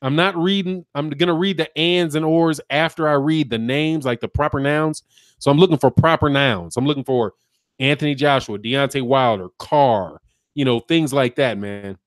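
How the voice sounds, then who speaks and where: A man's voice: on the high side, moderate pace, no room sound, studio quality. Joking American man reading comments. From United States. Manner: laughing often, loose and joking. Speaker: channel host. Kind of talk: casual chat reading live comments.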